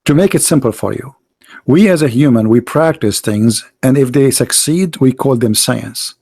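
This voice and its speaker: A man delivering an argumentative monologue as a street debater, emphatic and scornful, repeating himself and swinging between loud outbursts and low asides. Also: moderate pace, gravelly, husky.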